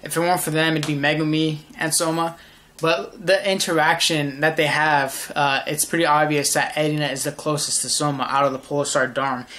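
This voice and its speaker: A man's voice: fairly high pitch, fairly even intonation, fairly quick, pushed and bright, slight background noise. A young man casually reviewing a manga chapter, rambling and enthusiastic, often restarting his sentences.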